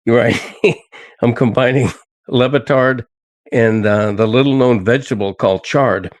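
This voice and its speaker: An older man hosts a podcast in casual conversation, sounding indignant before quickly laughing it off. His voice is medium-pitched and unhurried, with no room sound.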